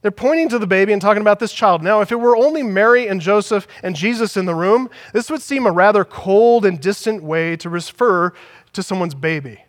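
A man's voice: high voice, lively intonation, fairly quick. A man preaching a sermon as pastor, emphatic, building his points through repetition. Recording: long hall reverb.

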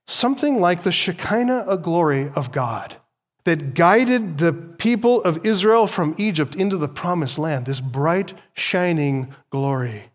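A male pastor delivering a sermon in an animated preaching style, his voice rising for emphasis. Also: a little high.

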